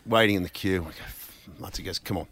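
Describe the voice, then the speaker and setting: A man's voice: low-pitched, fairly quick, fairly bright tone. An Australian man hosting a radio show, telling stories in laid-back, slangy banter. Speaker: radio host. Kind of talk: casual banter.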